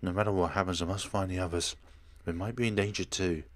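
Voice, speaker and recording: A man's voice: deep voice, fairly even intonation, fast talker. A man hosting a horror-game let's play. He reads the game's dialogue aloud and breaks into dramatic outbursts. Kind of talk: gaming commentary reading game dialogue aloud.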